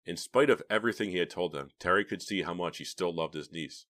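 A man narrating a horror novel as an audiobook reader, in steady, dramatic storytelling. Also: low-pitched, quick pace. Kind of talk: scripted narration.

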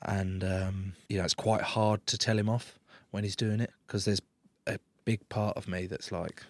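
A man in his thirties with an English accent, a rugby player being interviewed, bantering cheekily and swearing freely, loudly acting out stories. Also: fairly low pitch, moderate pace, dry recording. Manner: cheeky, swears freely, loud animated re-enactments. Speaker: interview guest, rugby prop. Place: small studio.

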